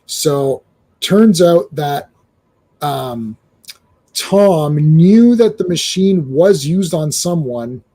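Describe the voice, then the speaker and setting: Guy hosting a comics chat, warm low-key tone, keeps restarting sentences, acts out the dialogue. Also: extremely slow. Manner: animated, stammering restarts, acts out quotes. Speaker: comic book show host. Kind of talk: casual comic book discussion.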